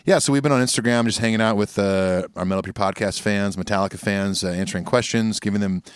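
A man's voice: on the low side, fast talker, clear, resonant tone, no room sound. A man co-hosting a podcast in casual chat, laid-back and joking as he reads listener emails. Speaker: podcast co-host. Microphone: studio microphone.

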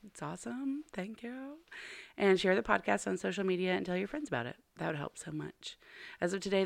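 A woman's voice: fairly low pitch, creaky, no room sound. A woman hosting a podcast, talking to listeners in a chatty, apologetic and heartfelt way. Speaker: podcast host. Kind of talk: casual podcast intro.

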